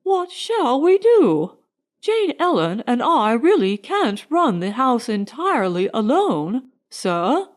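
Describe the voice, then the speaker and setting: Woman reading as a male butler, fussy, flustered, deferential, voice pitched up high. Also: sing-song, slow pace.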